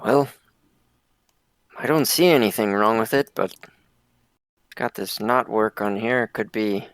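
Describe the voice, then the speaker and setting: A man's voice: on the low side, takes it slowly, no room sound. A man playing an online tabletop game, carefully describing his character's actions in first person, with fillers. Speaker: player.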